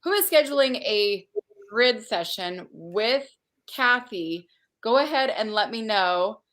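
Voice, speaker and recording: A woman's voice: a little high, lively intonation, slow pace, a bit bright. Gushing, effusive woman hosting a livestream. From Utah. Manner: gushing, effusive, reads out viewer comments. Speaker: conference host. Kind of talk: casual livestream chat.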